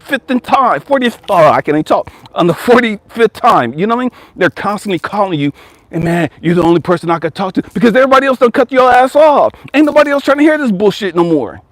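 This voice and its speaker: Speaking at an extremely high pitch, a male life coach unleashes a blunt, profanity-laced motivational rant at his viewers. Every so often he mimics whiny complainers, and there's no echo on the recording.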